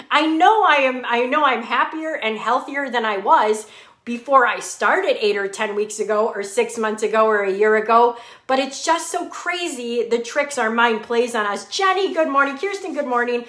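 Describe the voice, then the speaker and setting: A woman's voice: sits high, animated, normal speed, fairly bright tone. A woman hosting a casual live fitness chat, greeting viewers by name and laughing often. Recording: echoey room.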